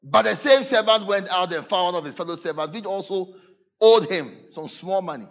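A man preaching a sermon to his church, earnest, moving between loud emphasis and soft asides. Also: sits high, lively intonation, brisk, lo-fi sound. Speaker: pastor. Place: church service.

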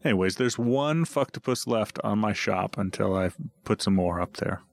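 A man's voice: fairly low pitch, normal speed, gravelly. A man hosting a podcast in casual chat, telling stories and joking. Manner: joking, storytelling. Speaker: podcast host. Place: basement room.

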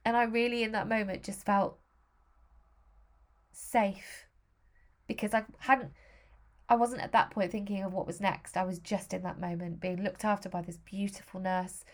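A woman's voice: mid-range voice, level tone, a little fast. A middle-aged woman from Britain, candidly telling a personal story with feeling and acting out the voices of others.

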